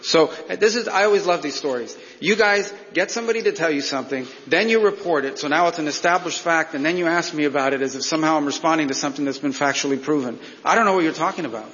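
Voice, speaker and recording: A man's voice: a little high, fast, few pauses, fairly bright tone, in a large hall, dull audio. A man speaking at a press conference, giving a formal speech and then pushing back hard against a reporter's question. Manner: combative and dismissive with reporters. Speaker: government official at a news conference.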